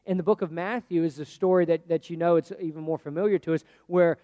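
Male pastor, sermon, high voice, chatty delivery with big shifts between loud and hushed, long hall reverb. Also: steady tone, fast talker, highs cut off. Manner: conversational preaching, swinging from loud to hushed.

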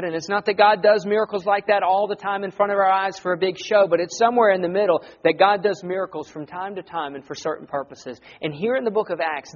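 A man preaching a sermon in an earnest, conversational way that rises to loud emphasis. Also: sits high, highs cut off.

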